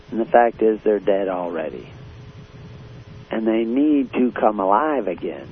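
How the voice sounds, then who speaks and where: Male preacher, lowish voice, blunt and confrontational, tinny phone-like radio audio with faint hiss. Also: husky. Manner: blunt, confrontational, with many uh fillers. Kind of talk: radio sermon.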